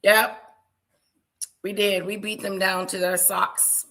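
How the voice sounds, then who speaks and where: A woman's voice: mid-range voice, level tone, takes it slowly, bright, forceful tone. A woman casually commenting on a video she is watching, with gossipy, teasing asides.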